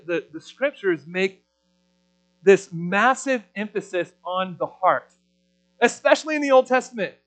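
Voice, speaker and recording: A man's voice: sits high, a bit bright. A man preaching a sermon in a loose, conversational way, with many fillers and restarts.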